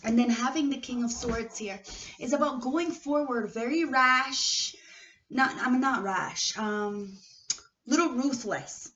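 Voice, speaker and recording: A woman's voice: fairly high pitch, takes it slowly, a bit bright. A woman giving a casual tarot card reading with a non-native English accent, chatty and often checking in with her listeners. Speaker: tarot reader. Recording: distant, dull, noisy home recording.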